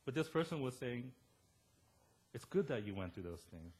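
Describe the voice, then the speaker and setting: A man in his thirties preaching a sermon as pastor, animated and storytelling, quoting the people he talks about. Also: mid-range voice, normal speed, breathy edge.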